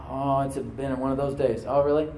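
A pastor delivers a sermon to his congregation in a relaxed, conversational style, sometimes dropping into a soft, prayerful hush. His mellow, medium-pitched voice is fairly even in intonation, a little fast, and slightly distant from the mic. The church sanctuary's roomy echo carries his words over a faint ambient hum.

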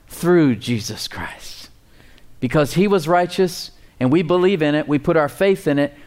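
Animated preaching man. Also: medium pitch. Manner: animated, emphatic, chuckles at his own points. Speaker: pastor and Bible teacher. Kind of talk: conversational sermon.

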